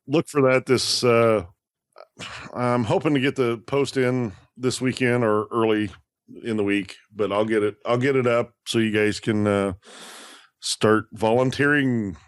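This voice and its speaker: A man's voice: mid-range voice, steady tone, unhurried, clear, resonant tone, no room sound, clean studio sound. A man co-hosting a gaming podcast, talking casually and restarting his sentences often. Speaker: podcast co-host.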